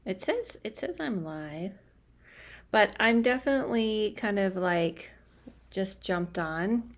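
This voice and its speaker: A young woman chats loosely into her phone on a home livestream, talking at an ordinary middle pitch. She rambles and stops to restart her sentences, her words full of fillers and asides. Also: animated, takes it slowly. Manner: chatty, scattered, many fillers and restarts. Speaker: medium doing live readings. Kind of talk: casual livestream chat. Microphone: phone or webcam livestream.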